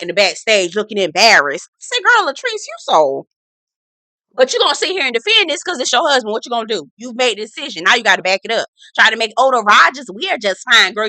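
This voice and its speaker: A woman's voice: fairly high pitch, bright, forceful tone, dry recording. A woman hosting a casual reality TV recap, talking in a blunt, sassy, profane way.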